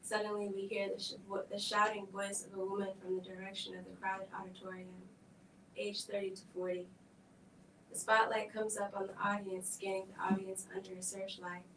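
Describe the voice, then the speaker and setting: Heard from a distance in an echoing hall with faint noise in the background, a woman reads a script dramatically but with restraint at a film event. Her voice is mid-range and her delivery never leaves a flat, level register.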